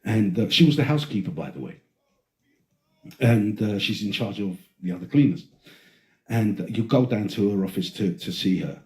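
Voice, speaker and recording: A man's voice: on the low side, darkish tone. A man hosting a podcast, telling stories in casual chat, rambling, laughing and swearing as he goes. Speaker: podcast host. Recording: roomy echo.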